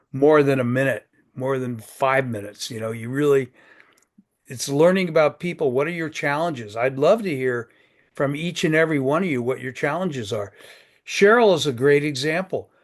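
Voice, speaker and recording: A man in his sixties hosting a networking group on a video call, folksy and joking, often repeating his words. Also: medium pitch.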